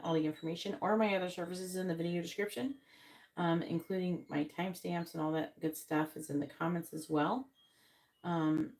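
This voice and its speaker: A woman's voice: lowish voice, gravelly, darkish tone. A tired woman hosting a tarot live stream, chatting casually and rambling, with many ums and self-corrections.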